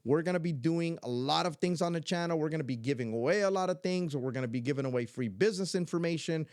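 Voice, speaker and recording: A man's voice: fairly high pitch, fast talker, a little mellow, dry recording, studio quality. A middle-aged man, a grandfather and YouTuber, talking earnestly and from the heart in a casual vlog, repeating himself for emphasis.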